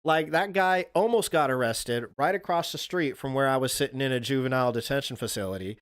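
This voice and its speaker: Man, livestream host, casual storytelling, swears a lot, middle pitch, dry sound. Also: quick pace, fairly bright tone, clear, resonant tone, no echo. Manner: rambling, swears freely, laughs at his own stories.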